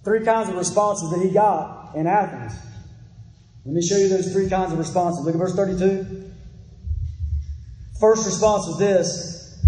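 Emphatic preacher in an echoey hall. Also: male voice, high voice, unhurried, long pauses, mellow. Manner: emphatic, repeats phrases, addresses the congregation directly. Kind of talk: sermon. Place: church hall. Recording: echoey hall with long reverb.

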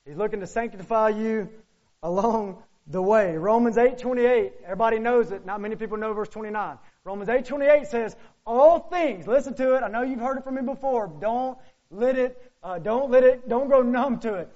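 A pastor preaching a sermon, firing off rhetorical questions and swinging between loud, urgent lines and hushed ones. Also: male voice, sits high, fairly quick. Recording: muffled lo-fi sermon recording.

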